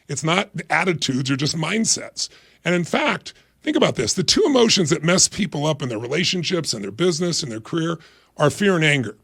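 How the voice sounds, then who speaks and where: A man's voice: fairly high pitch, gravelly, slightly rough, no room sound, studio quality. A man in his sixties, a guest on a talk show, explaining ideas energetically and emphatically. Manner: energetic, emphatic, acts out quoted voices. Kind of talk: motivational interview talk.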